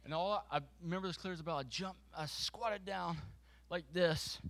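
A man with a voice on the higher side tells a story from the pulpit to his congregation. He brings a volunteer on stage and keeps poking fun at himself. His delivery is animated, full of restarts and laughter. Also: gravelly. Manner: lively and self-mocking, with quick restarts and laughter.

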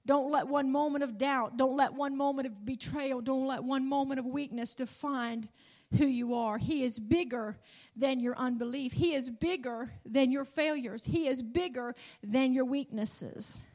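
Woman preacher, high voice, emphatic sermon delivery with rising and falling emphasis. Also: unhurried, hardly any pauses, a little mellow. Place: church in front of a congregation.

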